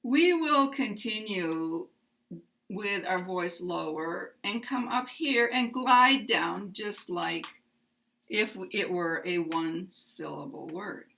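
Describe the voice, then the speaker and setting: An American woman teaching pronunciation, speaking slowly and deliberately and modeling example phrases with exaggerated rises and falls in pitch. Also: expressive, creaky, a bit bright.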